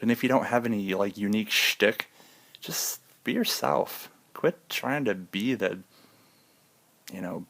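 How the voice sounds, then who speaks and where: A man's voice: lowish voice, normal speed, a bit bright, no room sound. A man vlogging in a casual, rambling monologue, joking and drifting off on tangents. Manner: rambling, goes off on tangents, jokey.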